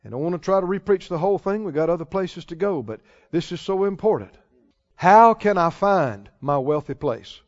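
A man preaching a sermon, emphatic, repeating key phrases and slowing down to stress scripture. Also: high-pitched, expressive. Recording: dull lo-fi sermon recording.

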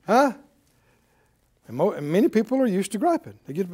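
A man preaching with a high, very lively voice that swoops up and down. He throws rhetorical questions at the congregation and acts out grumbling voices to make his point. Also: moderate pace, long pauses. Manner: animated, rhetorical questions and acted-out complaining. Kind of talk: sermon.

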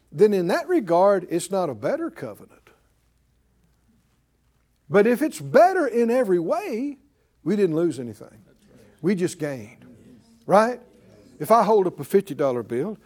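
A man preaching a broadcast sermon, animated and building to emphatic shouts. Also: high voice.

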